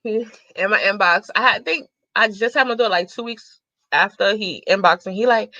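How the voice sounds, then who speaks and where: A woman, telling a sassy, animated story to her viewers and laughing often. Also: mid-range voice, moderate pace, no echo, dull audio. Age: 30s. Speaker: vlogger.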